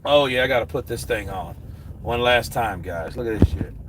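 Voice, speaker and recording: A man ranting about boxing as a commentator, animated and profane. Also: medium pitch, normal speed, background noise. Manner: animated, profane, slips into impressions. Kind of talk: casual profane rant.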